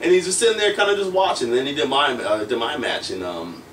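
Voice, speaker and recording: An American man, a young adult pro wrestler, telling candid stories in an interview, animated, laughing often and restarting his sentences. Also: medium pitch, fast talker, a little hiss or hum. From United States. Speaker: professional wrestler, guest. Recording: roomy echo, mic at a distance, faint ambience.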